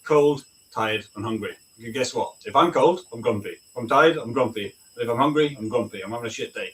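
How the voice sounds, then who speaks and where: Talking a little fast at medium pitch, this man is a veteran guest from the British army chatting casually over video. He's frank and blunt, curses freely and keeps asking "right?" Audio comes through a distant mic with a faint hiss.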